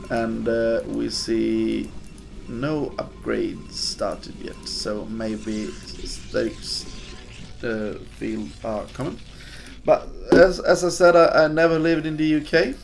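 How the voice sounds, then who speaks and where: A man's voice: medium pitch, steady tone, takes it slowly, gravelly, faint music behind. A man from Sweden, a native Swedish speaker, casting a game in English in a chatty, hesitant way while answering viewer chat. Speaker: game caster. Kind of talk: casual live-stream game commentary.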